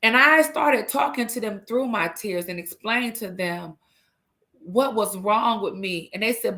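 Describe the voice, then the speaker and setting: A woman's voice: mid-range voice, measured pace, a bit bright. A middle-aged woman hosting a livestream, telling a personal story in an earnest, emphatic and frank way. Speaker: livestream host.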